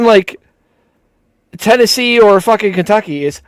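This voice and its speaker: A man's voice: high-pitched, animated, normal speed, a bit bright, clean tone, no room sound. A man chatting casually as a show host, crude and joking, riffing about regional accents. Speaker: commentary stream host. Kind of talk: casual chat.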